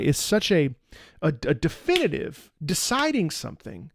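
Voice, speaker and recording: An enthusiastic man walks through a piece of music in a casual breakdown, pausing to ask the listener rhetorical questions. His voice sits a little high for a man and has a gravelly edge. The sound is dry and close. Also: sing-song, no room sound. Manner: enthusiastic, sings snippets and asks rhetorical questions. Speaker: music analysis video host.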